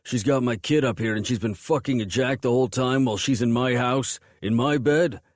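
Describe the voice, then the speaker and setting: A man voicing a volatile, violent biker who yells and growls. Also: medium pitch, fairly quick, no room sound, clean studio sound, voice pushed up, close to an everyday voice. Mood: enraged. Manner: growling, yelling, snarling.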